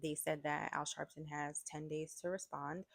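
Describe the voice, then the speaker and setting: A woman's voice: low-pitched, level tone, moderate pace, vocal fry, no echo. A woman giving frank, exasperated casual commentary in a vlog, with many filler words. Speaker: online commentator.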